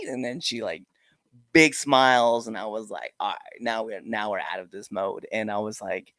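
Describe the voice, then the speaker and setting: A middle-aged man with a fairly low voice chats on a podcast, recorded dry and close. He tells his stories with energy and slips into the voices of the people he quotes. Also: normal speed, no echo. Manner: animated storyteller, acts out quoted voices. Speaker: podcast host. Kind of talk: casual interview chat.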